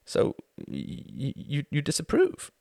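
Man voicing an earnest naive gentleman, hesitant, stammering, lively pitch, dry close sound. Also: a little slow, vocal fry, no room sound, exaggerated voice.

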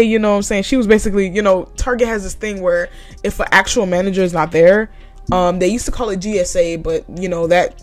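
A young woman telling a story about her retail job in a casual, heated rant full of swearing. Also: medium pitch. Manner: profane, heated and animated.

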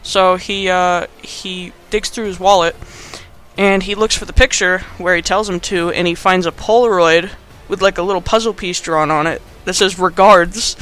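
Recapping a movie on his podcast, a man speaks in a high, bright voice with a forceful, clean tone. He rambles sarcastically and casually, loading the talk with fillers and side remarks.

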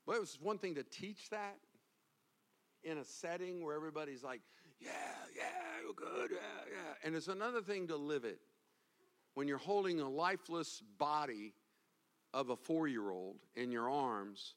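A male pastor telling a personal story in a sermon, moving from quiet, low narration to loud, impassioned preaching. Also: moderate pace.

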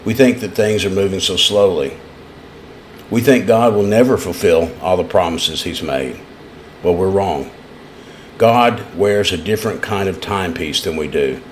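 A man's voice: low-pitched, unhurried, a little hiss or hum. A man preaching a sermon in an East Tennessee accent, telling folksy stories in an earnest way. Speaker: pastor.

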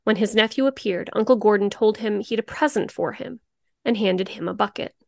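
A woman co-hosting a true-crime podcast, reading the story in a steady, grim narration. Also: mid-range voice, fairly quick, creaky, no echo, clean studio sound. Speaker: podcast co-host.

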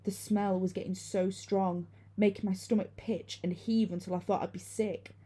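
A woman reading a first-person horror story in a hushed, suspenseful way. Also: mid-range voice, level tone, normal speed, breathy edge. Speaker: narrator.

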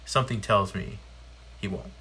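A man's voice: lowish voice, moderate pace, bright, forceful tone, husky. A young American man co-hosting a podcast, dropping sarcastic quips. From United States. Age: young adult. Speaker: podcast co-host. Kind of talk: casual political podcast chat.

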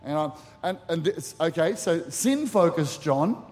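Middle-aged pastor guy preaching, kinda high voice, animated stories, echoey church hall. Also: unhurried. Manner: animated storytelling with acted asides. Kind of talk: sermon. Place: church auditorium. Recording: church hall reverb with faint music.

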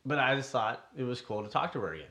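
A man's voice: mid-range voice, expressive, quick pace, bright, forceful tone. A young man co-hosting a casual podcast, telling a story in a rambling, hesitant way. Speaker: podcast co-host.

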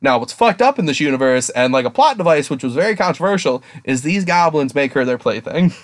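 A man co-hosting a casual podcast, excitable, swearing often and acting out quotes in a raised voice. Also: fairly quick, no room sound, studio quality. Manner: excitable, swears a lot, acts out quotes in a higher voice. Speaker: podcast co-host.

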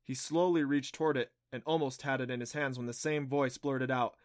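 A man reading a middle-grade adventure audiobook in an even storytelling manner. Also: medium pitch, brisk, few pauses, dry recording, studio quality. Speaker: audiobook narrator. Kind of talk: scripted audiobook narration.

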